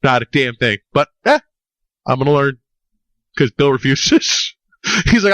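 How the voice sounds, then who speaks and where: A man's voice: mid-range voice, big pitch swings, a little slow, pauses often, a bit bright, dry recording. A young man co-hosting a podcast in casual chat, rambling, swearing and joking. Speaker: podcast co-host.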